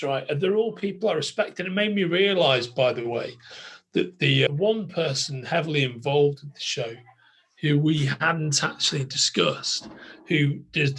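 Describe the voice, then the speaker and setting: A man's voice: on the high side, a bit bright, slightly rough. A man co-hosting a podcast in casual chat, teasing and laughing often. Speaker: podcast co-host.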